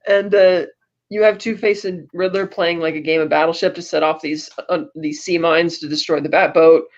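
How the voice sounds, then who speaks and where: A woman's voice: fairly low pitch, fairly even intonation, normal speed. A woman co-hosting a podcast, recapping a film in a rambling, chatty way with lots of fillers and small laughs. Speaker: podcast co-host. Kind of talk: casual film recap chat. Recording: dull lo-fi podcast audio.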